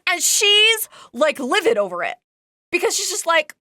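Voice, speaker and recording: Woman streamer, casual chat; high, bright, rambling voice with lots of fillers and laughs. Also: big pitch swings, moderate pace, dry recording, studio quality. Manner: rambling, filler-heavy storytelling; laughs as she talks.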